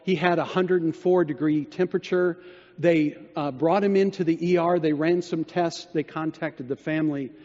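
Preacher in a reverberant hall. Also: male voice, fairly even intonation, moderate pace. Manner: drops low and quiet when quoting others. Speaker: pastor. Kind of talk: sermon storytelling. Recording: dull sound in a reverberant hall.

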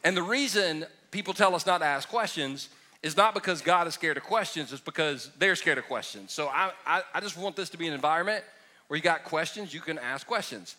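A male pastor preaches a question-and-answer sermon in a bright, forceful voice pitched a bit high. He talks casually, drops jokes, and leans on emphatic repetition. The sound is of a church room with some distance from the mic. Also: fairly quick. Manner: conversational, joking, emphatic preaching. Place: church sanctuary.

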